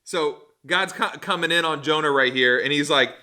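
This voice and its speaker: Youth pastor guy joking through a bible lesson, bright slightly high voice. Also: moderate pace, few pauses. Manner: animated, joking, conversational with fillers.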